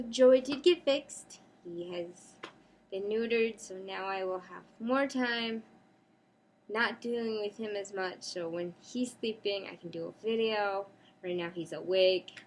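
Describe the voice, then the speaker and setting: A woman's voice: on the low side, a little hiss or hum. A woman chatting casually in a rambling home vlog, breaking off now and then to talk to her pet. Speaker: cosplay vlogger. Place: home apartment.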